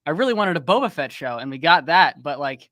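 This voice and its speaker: A man's voice: fairly high pitch, big pitch swings, fast talker, pushed and bright, no echo. Teasing man full of "like," dry sound. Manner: filler-heavy and teasing. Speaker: fan film creator. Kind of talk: casual chat.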